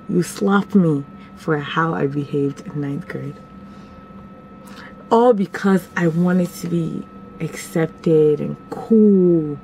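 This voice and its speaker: A young woman vlogging at home, telling a story in a casual, animated, dramatic way with sudden jumps in pitch. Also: slow, creaky, a little hiss or hum.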